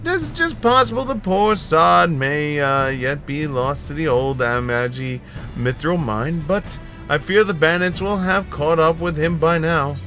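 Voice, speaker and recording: A man's voice: fairly high pitch, animated, bright, forceful tone, soft background music, exaggerated voice. A man doing a weary, grumbling old sellsword. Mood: grim. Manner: slow, grumbling, world-weary. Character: weary middle-aged male sellsword.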